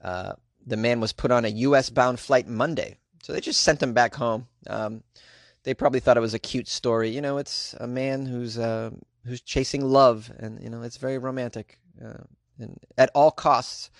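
A man's voice: mid-range voice, fairly even intonation, moderate pace, no room sound, studio quality. A man hosting his own podcast, chatting casually with sarcastic asides and plenty of fillers. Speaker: podcast host. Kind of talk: casual solo podcast chat.

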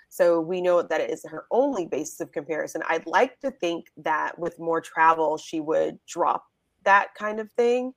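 A woman's voice: lowish voice, no echo. Playful American woman co-host. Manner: playful, quick asides. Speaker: guest co-host. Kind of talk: casual reality TV recap chat.

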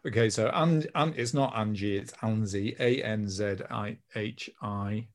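A man's voice: on the low side, a little slow. A man, a journalist co-hosting a football podcast, flustered and self-mocking as he struggles through a quiz.

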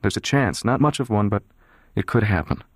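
A cold, controlled young man, played by a man in a dramatized audiobook, speaking low and evenly. His tone stays quiet, measured and detached. The recording is dry and close, with no room sound. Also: animated, no room sound. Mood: cold, serious.

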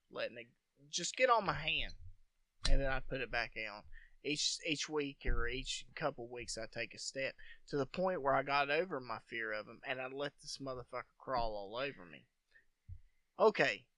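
Bright-voiced, profane male storyteller. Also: mid-range voice, dry recording. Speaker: podcast host. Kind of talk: casual storytelling chat.

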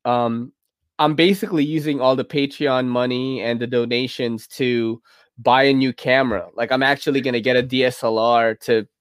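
A man's voice: medium pitch, steady tone, normal speed, smooth, no echo, clean studio sound. A man hosting a podcast while drunk, rambling casually between laughs and curses. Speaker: podcast host.

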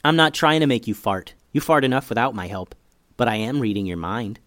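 A man's voice: mid-range voice, lively intonation, a little fast, a bit bright, dry recording, close to an everyday voice. A man voicing a clever little girl who teases her brother in a matter-of-fact way, in a children's story. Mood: teasing.

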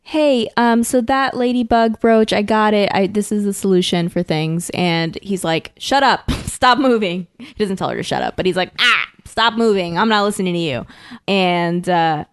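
A woman chats through a story recap at an ordinary pitch, jumping into the characters' voices as she goes. The sound is dry and close. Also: normal speed, clear, resonant tone, no room sound. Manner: animated retelling, acting out characters' lines with laughs. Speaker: podcast co-host recapping an episode. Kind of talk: casual chat.

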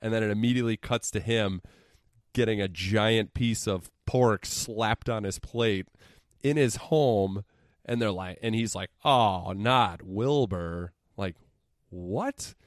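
Young male podcaster, low voice, dry close sound; sarcastic, profane recap delivery. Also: unhurried, no room sound. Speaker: podcast co-host. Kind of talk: casual podcast movie recap.

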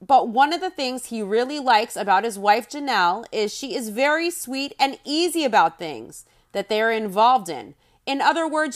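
A woman's voice: fairly high pitch, expressive, normal speed. Blunt, sarcastic woman podcaster. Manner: blunt, sarcastic, mocks quoted lines in exaggerated voices. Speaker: podcast host. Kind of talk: recap commentary monologue.

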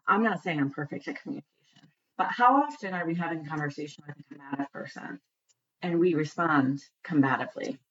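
Earnest and casual, a woman talks through the topic of communication, throwing out question after rhetorical question. She has a medium pitch and a fairly bright tone, though the audio is dull.

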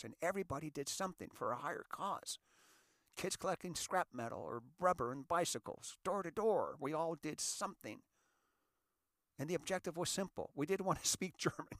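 A man's voice: mid-range voice, fairly bright tone, dry recording, studio quality. A middle-aged American man, a volunteer fire captain, giving an impassioned monologue that repeats key phrases and addresses the audience directly. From United States.

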